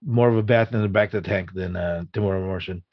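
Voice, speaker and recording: A man co-hosting a casual podcast, talking haltingly with many ums and uhs. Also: deep voice, fairly even intonation, no echo, lo-fi sound. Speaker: podcast co-host. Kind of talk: casual chat.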